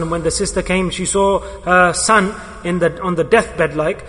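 This sermon comes from a man whose voice is on the high side, steady and a bit bright, moving fairly quickly with few pauses. He preaches emphatically, repeating key words and questioning his audience, and the hall echoes with long reverb.

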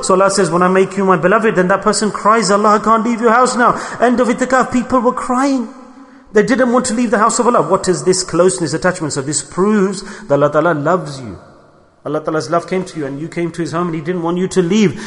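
A man delivers a sermon in a slightly raised voice. He is animated and fervent, slipping into quick acted-out exchanges. The sound rings with the long reverb of a hall. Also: a little high. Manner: animated, rising to fervent emphasis, acts out short dialogues. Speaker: preacher.

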